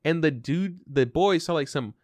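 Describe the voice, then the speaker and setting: A man co-hosting a podcast, chatting casually and retelling an anime with lively quoted bits and swearing. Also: fairly high pitch, moderate pace, no echo. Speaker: podcast co-host. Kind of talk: casual chat reviewing an anime.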